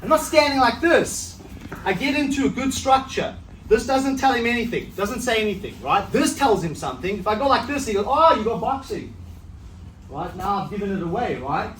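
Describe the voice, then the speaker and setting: A middle-aged man leads a seminar class on self-defense in a relaxed, conversational way, tagging nearly every point with a quick check-in. His voice sits high for a man. The sound is roomy and distant, with faint ambience behind. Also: slight background noise. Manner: conversational, checks in with "right?" constantly. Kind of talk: seminar teaching. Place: training hall at a seminar. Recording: echoey hall, mic from far off.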